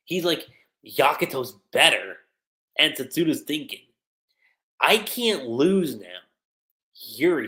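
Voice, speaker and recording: A man breaks down a manga chapter in a loose, slangy livestream review. His pitch swings widely as he acts out the scenes. The recording has a roomy echo. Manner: animated, slangy, retells scenes in quoted voices.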